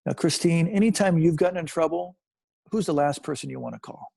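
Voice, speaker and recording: A man in his fifties, a guest on a video call, telling his recovery story in an animated way and repeating phrases for emphasis. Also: on the high side, a little fast, vocal fry, slightly rough. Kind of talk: personal storytelling.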